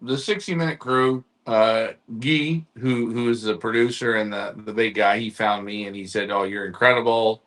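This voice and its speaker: A man co-hosting a pigeon club show, calmly explaining delays to members, with rhetorical questions and a reassuring tone. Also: on the low side, normal speed, few pauses. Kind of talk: casual live-stream chat to club members.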